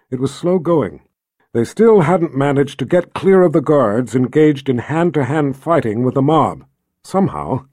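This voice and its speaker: A man reading a fantasy novel aloud in a steady, measured narration. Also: on the high side, no echo, clean studio sound. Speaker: audiobook narrator.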